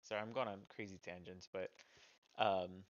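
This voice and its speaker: On a lo-fi recording, the indie game maker and streamer talks at a normal speed in a low voice with fairly even intonation. He casually walks through his small games, rambling and self-deprecating, with many fillers.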